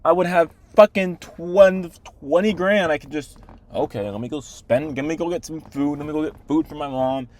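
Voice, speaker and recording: A man's voice: on the high side, moderate pace, darkish tone, slight background noise. A young man, a day trader, recording a frustrated video diary and scolding himself in the second person, swearing heavily. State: hungry. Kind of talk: self-talk video diary.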